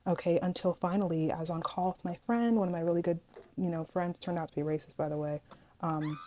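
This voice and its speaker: A young woman vlogger telling a story from school in an animated, dramatic way, acting out what people said. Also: on the low side, a little fast, slight background noise. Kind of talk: casual storytime vlog.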